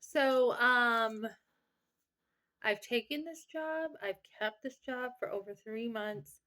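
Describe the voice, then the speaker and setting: A woman's voice: medium pitch, sharp tone. A woman vlogging, retelling an argument with her boss in a frustrated, rambling way, with many fillers. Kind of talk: casual personal storytelling.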